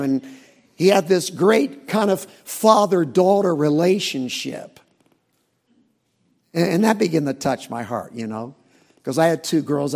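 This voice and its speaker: A middle-aged man, a pastor, preaching in a folksy, animated storytelling way with asides. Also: sits high, gravelly, slightly rough. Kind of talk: sermon.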